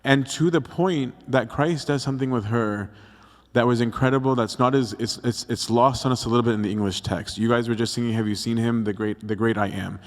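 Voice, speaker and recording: A man's voice: mid-range voice, fairly quick. A young adult male priest giving a casual, conversational youth talk on scripture. He acts out the quotes and keeps checking in with "right?". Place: church hall. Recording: long hall reverb.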